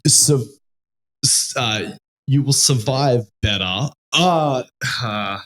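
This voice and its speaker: A man's voice: mid-range voice, drawn-out words, fairly bright tone. An Australian man co-hosting a podcast in loose, casual chat, swearing freely and full of fillers and restarts. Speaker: podcast co-host.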